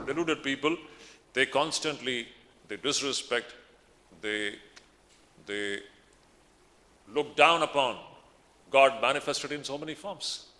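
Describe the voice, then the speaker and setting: Monk lecturing in a reverberant hall. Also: male voice, medium pitch, pushed and bright. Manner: emphatic, repeats phrases, chants Sanskrit verses. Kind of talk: spiritual discourse.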